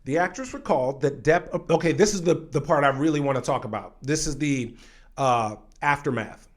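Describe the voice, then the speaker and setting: A male acting coach with a voice pitched somewhat high for a man. He teaches an online acting lesson in an emphatic, direct way, speaking straight to his viewers. He keeps pausing to read passages aloud from an article before coming back to his own points.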